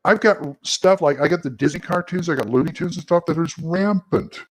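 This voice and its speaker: A man's voice: fairly high pitch, brisk. A man who is a guest on a podcast, talking in a chatty, anecdotal way and trailing off. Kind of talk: casual podcast chat.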